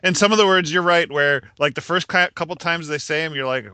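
A man's voice: a little high, fairly even intonation, fairly quick, pushed and bright, no room sound. A man in casual comic book chat, easygoing, laughing along and explaining things plainly.

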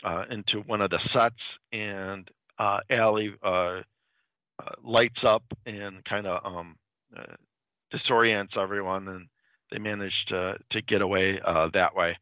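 A man's voice: low-pitched, fairly even intonation, measured pace, no echo. A man casually recapping a comic book plot in a loose, rambling way, his sentences strung together as he goes. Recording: tinny phone-like line, dry.

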